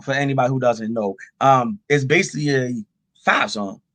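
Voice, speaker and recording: A man guesting as a rapper on a podcast, talking in a relaxed, loose way with many fillers. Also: mid-range voice, normal speed, no echo. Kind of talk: casual podcast chat.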